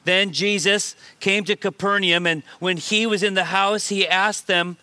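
A male pastor preaching a sermon, lively and emphatic, often repeating his key points. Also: high-pitched, measured pace, few pauses, dry recording. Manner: animated preaching with shifts of emphasis and repetition.

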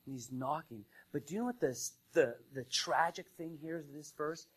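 A man preaching a sermon in a conversational style, rising to loud emphasis and dropping to quiet asides. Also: on the high side, fairly quick, rough recording. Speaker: pastor.

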